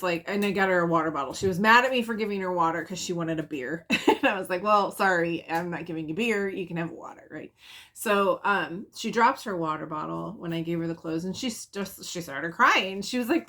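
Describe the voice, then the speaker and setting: A woman's voice: lowish voice, pushed and bright. A woman who founded a charity for single mothers, telling a personal story in a casual, conversational way with frequent fillers and restarts.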